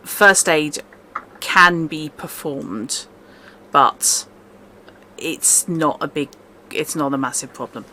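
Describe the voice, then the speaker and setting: A woman from Britain acting as game master, briskly working through the rules. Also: sits low, pushed and bright, slight background noise. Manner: brisk, rules-focused, laughs easily. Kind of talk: running a tabletop game.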